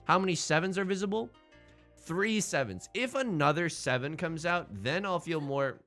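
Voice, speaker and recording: A young man streaming a tile game, rambling and self-deprecating as he thinks out loud. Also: on the high side, moderate pace, faint music behind. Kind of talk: casual game commentary.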